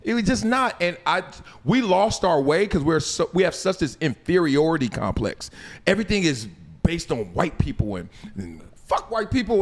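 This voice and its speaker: A man hosting a podcast, talking in a casual, animated way and swearing freely. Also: sits high, moderate pace. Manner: animated, swears freely, acts out voices of others. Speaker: podcast host. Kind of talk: casual chat.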